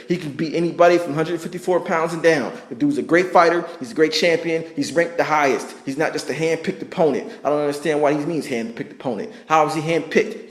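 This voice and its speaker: A man's voice: fairly high pitch, echoey room. A man giving a heated, profane sports rant, emphatic and argumentative, hammering the same points again and again. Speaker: vlogger ranting about sports.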